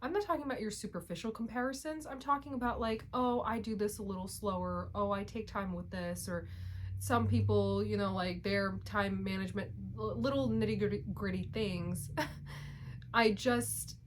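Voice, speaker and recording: A woman's voice: mid-range voice, normal speed, a little hiss or hum. A young woman vlogging in casual chat to camera, candid and rambling, laughing often and swearing now and then.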